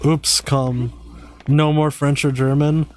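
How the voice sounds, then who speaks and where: A man's voice: fairly high pitch, flat delivery, slow pace. An American man live-streaming a game, chatting casually, swearing freely and reading chat messages aloud.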